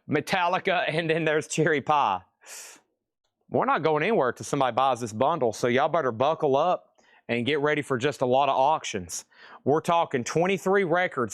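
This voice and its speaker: A man running a livestream auction with a raised, fairly high speaking voice, rambling off topic and cracking jokes at his own expense. The sound is close and dry, with almost no room in it. He calls lots and prices in a loose, chatty way. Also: no echo. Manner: rambling, joking, self-deprecating. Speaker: host of a live record sale.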